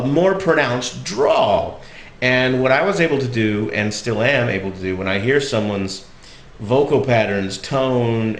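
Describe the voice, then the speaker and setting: A man with a Southern US accent telling a personal road story in a relaxed, reflective way with frequent fillers. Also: on the low side, slight background noise. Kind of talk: casual storytelling monologue. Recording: echoey room.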